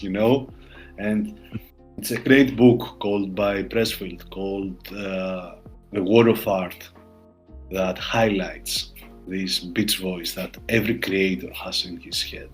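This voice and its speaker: Greek man, low voice, animated podcast guest, soft music bed. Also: slow. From Greece. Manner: animated, mocks his inner critic in a higher voice. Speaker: surgeon. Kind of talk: casual podcast conversation.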